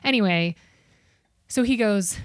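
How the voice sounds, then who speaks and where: A woman guest on a podcast, telling a story with animated, profane delivery and acted-out voices. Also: mid-range voice, measured pace, clean tone, no room sound, studio quality. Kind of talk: casual storytelling chat.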